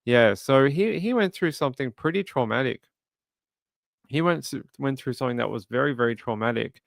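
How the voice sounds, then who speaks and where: A man's voice: medium pitch, lively intonation, fairly quick, gravelly, dry recording, studio quality. A man hosting a true crime livestream, chatting casually and reading viewer comments aloud with sympathy. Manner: conversational, sympathetic, reads chat aloud.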